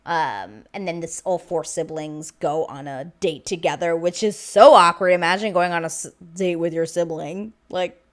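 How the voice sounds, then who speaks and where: Speaking in a lowish voice at a moderate pace with hardly any pauses, a woman reviews a reality show off the cuff for her casual vlog. It's animated and chatty, stuffed with fillers and restarts.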